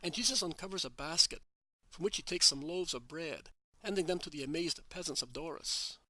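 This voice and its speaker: A man narrating a religious story in a steady, measured reading. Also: on the high side, no echo.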